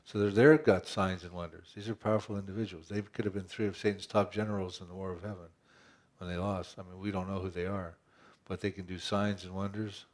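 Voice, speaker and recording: Low-voiced man preaching a sermon. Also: level tone, brisk, a little mellow. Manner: conversational preaching with rhetorical questions and repeated restarts. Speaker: pastor.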